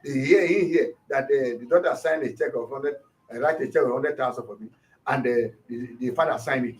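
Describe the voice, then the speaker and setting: A man's voice: mid-range voice, fairly quick, recorded from a distance, low-quality recording. A Nigerian man, a pastor, animatedly retelling a dispute in an interview, acting out the quotes as he goes. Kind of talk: storytelling interview.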